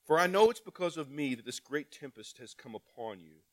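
During his sermon, this pastor's slightly high voice stays animated and brisk. He reads passages of scripture, challenges the congregation with rhetorical questions, and shifts between forceful calls and hushed side comments.

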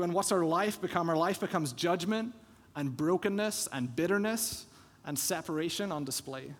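A man preaching a sermon as pastor, telling a Bible story with lively acted-out quotes. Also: high voice, moderate pace. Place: church sanctuary. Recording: long church hall reverb.

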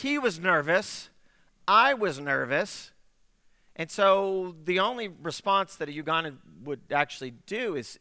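Middle-aged preacher guy telling a story, bright voice, close mic with a long hall tail. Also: a little high. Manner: animated storytelling with acted-out dialogue. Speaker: pastor. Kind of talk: storytelling sermon.

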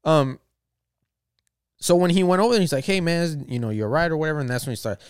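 A man's voice: medium pitch, fast talker, clean tone, no room sound, studio quality. A man who works as a bartender telling a story as a rambling, profane rant full of filler words.

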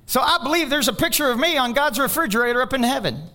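A male pastor preaching a sermon, swinging from loud exhortation to hushed asides. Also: extremely high pitch, expressive, fast.

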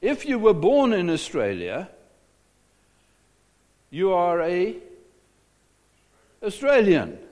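A man's voice: sits high, wildly swooping pitch, takes it slowly, long pauses, a little mellow, long reverb tail. A South African man preaching a sermon as a pastor, asking rhetorical questions and often repeating his words.

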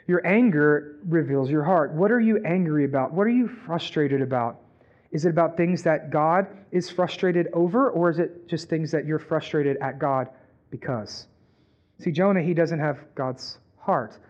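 A male pastor preaching a sermon in an animated way, firing rhetorical questions at the congregation, on a dull lo-fi recording. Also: a little high, normal speed. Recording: dull lo-fi sound.

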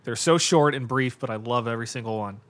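A man's voice: mid-range voice, fast talker, a bit bright. A man hosting a podcast, giving casual live watch-along commentary on a movie, reacting aloud with exclamations, swearing and laughs. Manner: casual and profane, with lots of fillers like "like" and "God". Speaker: podcast host.

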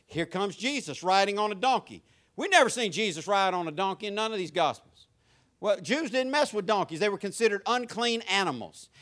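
An older man with a Southern US accent preaching a sermon as pastor, rising to shouted crescendos and dropping to low conversational asides. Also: expressive, fairly quick.

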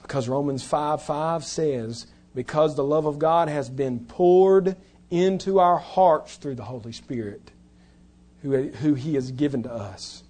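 A man preaching a sermon as pastor, moving between hushed, tender passages and loud, impassioned appeals. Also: on the high side, measured pace.

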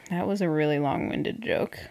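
A woman's voice: lowish voice, vocal fry, darkish tone. A young woman hosting a casual podcast, sarcastically recapping a reality show with frequent swearing and laughter. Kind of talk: casual chat.

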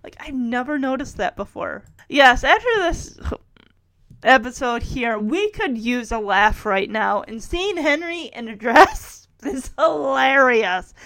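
Chatty middle-aged woman host, animated delivery, dry close mic. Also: a little high, a little slow, no echo. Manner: chatty, rambling, frequent laughs. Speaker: show recapper. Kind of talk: casual episode recap.

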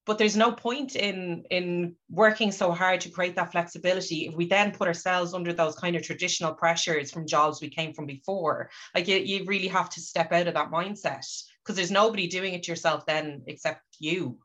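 A woman's voice: fairly low pitch, fairly even intonation, moderate pace, few pauses, fairly bright tone. A woman hosting a podcast, asking open questions in a supportive way. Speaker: podcast host. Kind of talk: interviewing.

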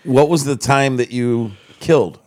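A man's voice: mid-range voice, measured pace, darkish tone. A man hosting a podcast, asking a guest short, probing questions. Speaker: podcast host. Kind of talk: interviewing guest.

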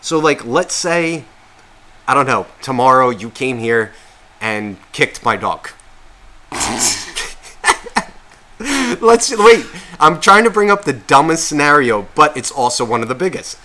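A man co-hosting a casual podcast, rambling and swearing constantly, often restarting and questioning himself, and growing loud and heated when worked up. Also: mid-range voice, expressive, unhurried, long pauses, a little hiss or hum. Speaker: podcast co-host.

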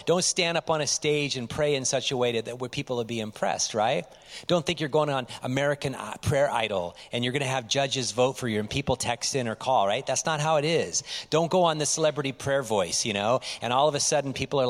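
A male pastor giving a lively, conversational sermon, often dropping to quiet asides. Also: medium pitch, long reverb tail.

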